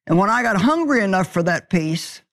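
A woman teaching a sermon on scripture in a slow, emphatic preaching manner, mixing in personal testimony. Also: medium pitch, lively intonation, fairly bright tone. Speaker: Bible teacher.

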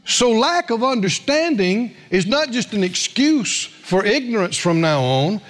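A middle-aged preacher with a drawl delivers a sermon in a very high voice. His pitch swings widely as he tells stories and puts questions to the congregation. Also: measured pace. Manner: animated storytelling preacher, asks the congregation questions. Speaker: pastor.

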